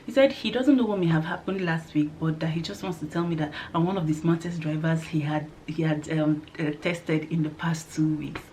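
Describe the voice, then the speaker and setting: Animated woman vlogger, low voice. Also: fairly quick, few pauses, slight background noise. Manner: animated, laughs often, drops to a soft near-whisper. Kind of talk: casual storytelling to camera.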